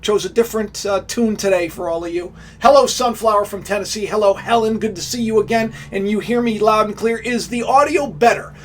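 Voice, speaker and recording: A man's voice: sits high, brisk, hardly any pauses, a little hiss or hum. A man hosting a casual live stream, talking straight to his viewers, greeting them and rambling with frequent restarts. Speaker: livestream host.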